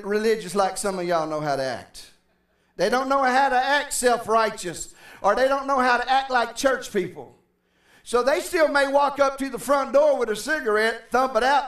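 A man's voice: extremely high pitch, a bit bright. A middle-aged man, preaching a sermon as pastor and speaking conversationally while calling out to the congregation. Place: church sanctuary. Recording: roomy church from a distance.

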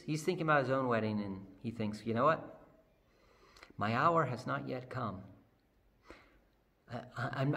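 A man preaching a sermon in a chapel, telling the story with animated, conversational energy. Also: medium pitch, gravelly. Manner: lively storytelling, acts out the Bible characters. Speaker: pastor. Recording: long hall reverb.

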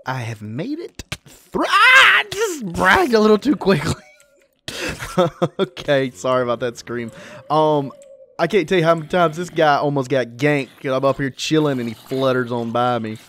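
Excitable man gaming. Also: medium pitch, moderate pace, a little hiss or hum. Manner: chatty, excitable, yelps when startled. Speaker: let's play gamer. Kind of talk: casual gameplay commentary.

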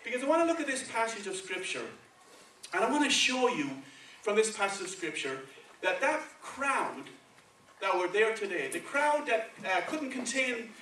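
Recorded from a distance in an echoey church sanctuary with slight background noise, this preacher has a high, very animated voice at normal speed and a sharp tone. He speaks Spanish-accented English and delivers his sermon conversationally, often checking in with "okay" and "right."

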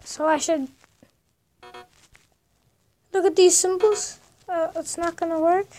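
A woman's voice: very high voice, steady tone, slow pace, warm tone. A woman playing a horror game and commentating casually, rambling and nervous as she goes. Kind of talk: casual let's-play commentary.

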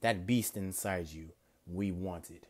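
A man voicing a cold, composed male ninja spy, speaking low and quiet. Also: measured pace.

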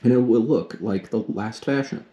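A man's voice: lowish voice, normal speed, mellow, close to an everyday voice. A man voicing Amy, a prim young girl comforting her sister in a storybook read-aloud. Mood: consoling.

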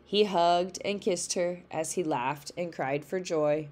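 A woman teacher reading a storybook aloud for a lesson, slow and careful. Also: fairly low pitch, darkish tone. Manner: slow, careful read-along pace.

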